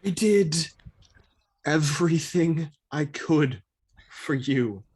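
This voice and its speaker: Man playing a jilted ex, sulky, bitter, indignant, high voice. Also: lively intonation, slow, a little mellow, husky, exaggerated voice. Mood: hurt. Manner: sulky, flares into indignant outbursts. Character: hurt, bitter short ex-boyfriend. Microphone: video call.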